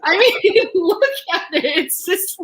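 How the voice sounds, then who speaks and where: A woman in her fifties doing a stand-up set, telling stories with deadpan punchlines and laughing often. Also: extremely high pitch, slow, low-quality recording. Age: 50s. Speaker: stand-up comedian. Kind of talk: stand-up set, casual storytelling.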